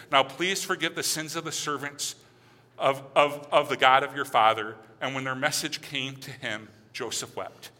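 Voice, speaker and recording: A man delivers a sermon with a strikingly bright, fairly high voice. He talks to the congregation casually, then reads scripture in soft, hushed tones. His voice carries long reverb from a large hall. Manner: conversational, reads scripture with dramatic quiet passages. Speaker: preacher.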